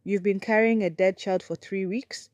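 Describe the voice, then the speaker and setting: A woman voicing a troubled husband who shouts orders and tries to calm the room. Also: medium pitch, moderate pace, no room sound, natural voice. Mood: urgent. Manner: urgent, calming.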